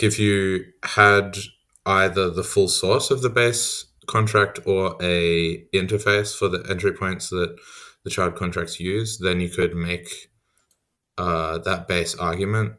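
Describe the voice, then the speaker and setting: Slow deep-voiced man explaining code. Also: pushed and bright. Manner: slow, measured explanations with fillers. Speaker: co-programmer. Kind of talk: casual technical chat.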